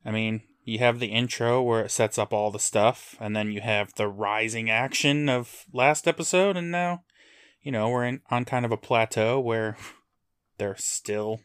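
Male podcast co-host, mid pitch, dry close mic, casual with wry one-liners. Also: unhurried, fairly bright tone, clear, resonant tone, no echo. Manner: dry, joking asides. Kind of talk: casual chat.

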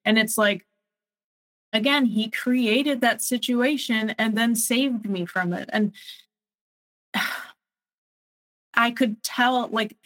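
A young adult woman telling her own story in an interview, speaking haltingly with many pauses and restarts. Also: fairly high pitch, a bit bright, rough recording. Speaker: guest sharing her story. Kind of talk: personal testimony interview.

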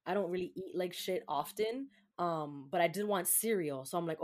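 A young woman in casual, animated storytelling mode, her voice sitting a little low for a woman. She swears freely, laughs through her own anecdotes, and drops Spanish words into her talk as a show host. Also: moderate pace, few pauses.

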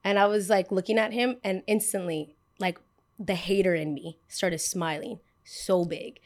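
This voice belongs to a young woman in her twenties who hosts a podcast and tells a story in loose, chatty fashion. She is animated and sassy, and she acts out what she said back then as she goes. Her pitch is in the middle range. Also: unhurried. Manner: animated and sassy, acting out her own past lines. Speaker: podcast host. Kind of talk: storytelling in casual chat.

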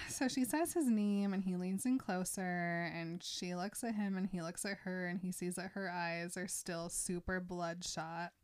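A woman hosting a casual podcast, retelling a novel's scenes in a chatty way and quickly voicing the characters' lines. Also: on the low side, steady tone, clear, resonant tone. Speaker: podcast host recapping a book. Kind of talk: casual book recap chat.

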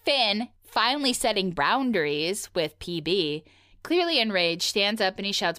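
A woman's voice: medium pitch, lively intonation, a little slow, sharp tone, clear, resonant tone, no echo, clean studio sound. A woman casually recapping a cartoon episode with a co-host, animatedly acting out the characters' lines. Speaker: podcast co-host.

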